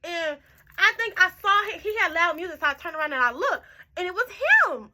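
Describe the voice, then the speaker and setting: A woman's voice: very high-pitched, sing-song, a little fast, pushed and bright. A tipsy young woman telling a storytime in casual, profane chat, jumping around as she goes. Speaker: storytime vlogger.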